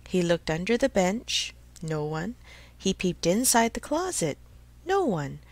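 A woman slowly narrating a storybook for English learners, in a clear, expressive reading. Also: fairly low pitch, no echo.

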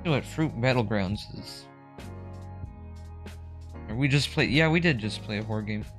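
A man's voice: medium pitch, moderate pace, a bit bright, soft background music. A young man streaming a horror game live, chatting and joking as he gets startled. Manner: chatty, jokey, easily startled. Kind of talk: live gameplay commentary.

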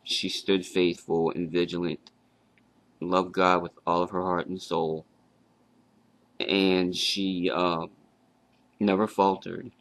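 Very deep, gravelly man, flat delivery. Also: no echo. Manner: halting, with fillers and restarts. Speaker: grieving grandson. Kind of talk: casual personal tribute.

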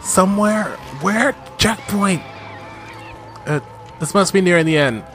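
A man doing let's play commentary, swinging between chatty self-talk and loud, swearing outbursts at the game. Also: sits high, measured pace, soft background music. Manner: excitable, yelling and swearing at the game.

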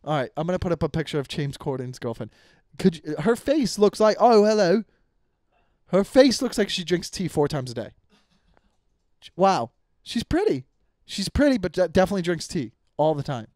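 A man's voice: a little high, big pitch swings, normal speed, a little mellow, dry recording, clean studio sound. A young man hosting a comedy podcast, ranting casually with heavy swearing and frequent stumbles and restarts. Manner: profane, rambling with many restarts. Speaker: podcast host.

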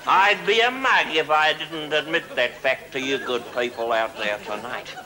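A man's voice: fairly high pitch, moderate pace, a crowd in the background, natural voice, low-quality recording. A man playing a drunk, crude, middle-aged Australian diplomat with a broad Australian accent, giving a pompous, rambling speech in a television comedy sketch. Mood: pompous, tipsy. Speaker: comic character monologue. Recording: old 1970s TV broadcast with hiss. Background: studio audience laughter.

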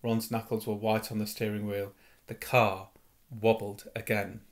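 A man reading a novel aloud in an expressive storytelling manner. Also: lowish voice, a little slow. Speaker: reader. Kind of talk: audiobook narration of a novel.

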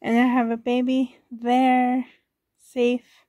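Woman vlogger, high-ish voice, unhurried, soft and doting with whispered asides, dry close sound. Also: monotone, dry recording. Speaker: doll collector vlogger. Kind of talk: casual show-and-tell chat. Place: home bedroom. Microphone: handheld camera.

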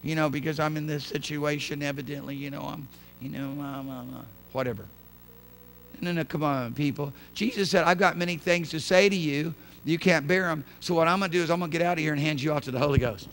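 A man preaching a sermon in church, swinging from quiet conversational asides to loud, impassioned bursts with folksy turns of phrase. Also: fairly high pitch, fast talker. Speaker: pastor. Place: church sanctuary.

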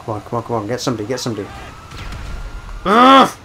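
A man's voice: medium pitch, huge pitch swings, fast talker, gravelly, a little hiss or hum. Swearing young man narrating a game. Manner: swears constantly, mutters to himself, bursts out loudly at wins. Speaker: gameplay commentator. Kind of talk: casual let's-play commentary.

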